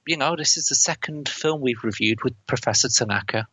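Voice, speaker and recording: A man's voice: mid-range voice, a little fast, bright, forceful tone, husky, no room sound. A man co-hosting a podcast who retells a film's plot in casual chat, laughing and quoting lines as he goes. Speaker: podcast co-host. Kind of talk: casual film review chat. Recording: dry, dull lo-fi podcast mic.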